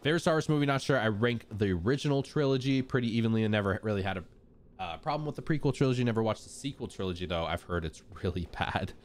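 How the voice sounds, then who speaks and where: A man's voice: on the low side, expressive, fast talker, slight background noise. A man hosting a live gameplay stream, chatting upbeat with his viewers and greeting them casually.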